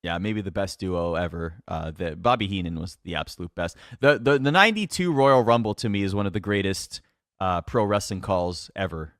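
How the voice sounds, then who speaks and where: A man's voice: low-pitched, fairly quick, no echo, clean studio sound. A man, a wrestling announcer, tells stories in casual chat with lots of animation, laughter and fillers. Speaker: wrestling announcer, podcast guest.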